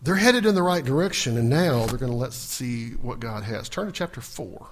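A man's voice: mid-range voice, expressive, normal speed, a little hiss or hum. A man preaching a sermon, asking the congregation questions and acting out the scripture dialogue. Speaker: pastor.

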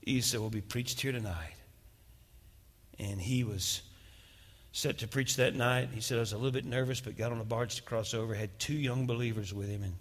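A man's voice: medium pitch, moderate pace. A male pastor preaching a sermon and dramatically retelling a testimony. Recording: long reverb of a large hall.

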